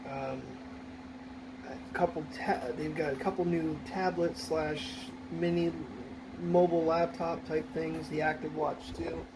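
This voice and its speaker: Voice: medium pitch, level tone, unhurried. Chatty vlogger walking a dog outdoors. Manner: chatty, talks to the puppy in a playful voice. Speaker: daily vlogger. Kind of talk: casual vlog chat while walking a dog. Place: outdoors in a breezy park playground. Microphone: phone camera. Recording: outdoor recording with clear background noise. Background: wind and leaves, passing vehicles.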